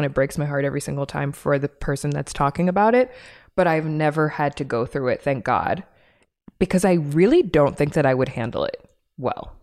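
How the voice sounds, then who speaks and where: A woman's voice: low-pitched, a little mellow. A woman in her thirties, a podcast guest, talking candidly in a blunt, swearing, laughing casual chat.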